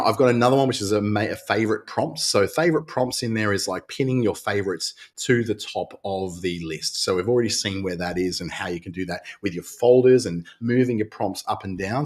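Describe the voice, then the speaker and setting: A man's voice: lowish voice, husky. A man hosting a casual live webinar, walking viewers through a screen-share demo in a chatty, friendly way and often restarting his sentences. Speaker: webinar host.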